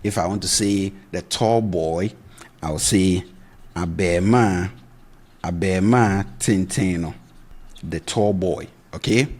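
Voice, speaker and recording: Brief: male language tutor, low husky voice, patient, repeats each word for the learner. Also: slow, darkish tone. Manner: patient, repeats words to drill pronunciation. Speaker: language teacher. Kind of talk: video lesson explanation.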